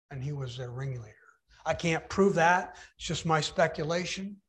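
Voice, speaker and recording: A man's voice: high voice, fairly bright tone. A man preaching a sermon, retelling a Bible story with dramatic emphasis and acting out the voices.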